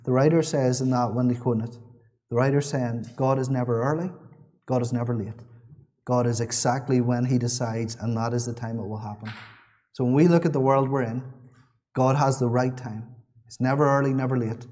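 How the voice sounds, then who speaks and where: A man's voice: medium pitch, steady tone, normal speed, mellow. A man preaching a sermon in a church, earnest and repeating his key phrases, with small restarts.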